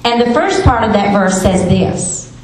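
A woman teaching a women's Bible study, expressive, asking rhetorical questions and reading scripture aloud. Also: medium pitch, measured pace. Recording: very echoey room, faint hiss.

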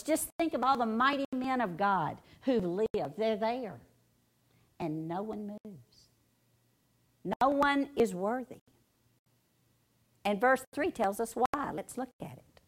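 A woman delivers a sermon at an unhurried, deliberate pace, her pitch sitting in an ordinary middle range. She teaches from scripture with dramatic emphasis, leaning on long pauses and repeated phrases. She often turns to ask her listeners direct questions. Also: lively intonation. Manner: asks the audience direct questions. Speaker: Bible teacher.

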